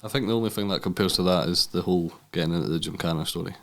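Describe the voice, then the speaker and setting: A Scottish man with a low voice tells a story in easy podcast chat. He swears freely and slips into other people's voices to act out conversations. His delivery stays loose and lively. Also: racing, creaky. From Scotland. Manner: swears freely, animated storytelling with acted-out dialogue. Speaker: podcast guest.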